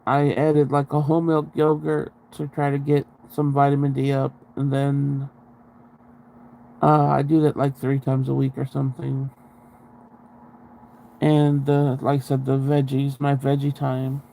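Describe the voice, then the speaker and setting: A man telling his own story in a casual interview, frank and halting, with blunt swearing. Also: mid-range voice, monotone, creaky, warm tone, a little hiss or hum, poor audio.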